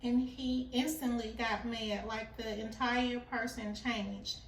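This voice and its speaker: High-voiced woman telling her story, unhurried. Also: fairly even intonation, distant mic, slight background noise. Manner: earnest, confessional, acts out quoted dialogue. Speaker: vlogger sharing a personal story. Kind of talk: casual personal storytelling. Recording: roomy, off-mic recording with faint ambience.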